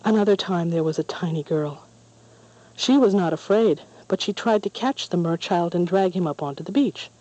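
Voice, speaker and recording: Calm storybook reader, mellow and dark in tone. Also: medium pitch, normal speed, low-quality recording. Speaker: narrator. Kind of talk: storybook narration.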